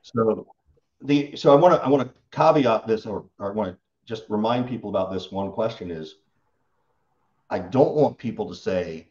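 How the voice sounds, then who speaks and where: Low-voiced man coaching on sales. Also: moderate pace, lo-fi sound. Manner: animated storytelling, acts out client quotes. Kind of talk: podcast interview answer.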